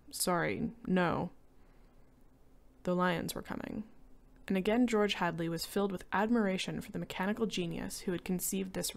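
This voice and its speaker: A woman reading a short story aloud in a steady, descriptive narration. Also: mid-range voice, gravelly. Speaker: reader.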